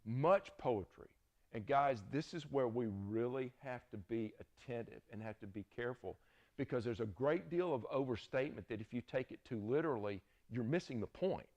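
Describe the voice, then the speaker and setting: A man's voice: medium pitch, expressive, normal speed, a little mellow, muffled recording. Middle-aged Southern man, folksy Bible teacher, storytelling lecture with frequent check-ins.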